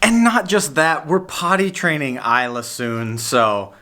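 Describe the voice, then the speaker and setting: A man's voice: fairly high pitch, measured pace, sharp tone. A man casually explaining a bus build in a matter-of-fact, wry way. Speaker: vlogger and builder. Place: inside a bus under construction. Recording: echoey room with noise.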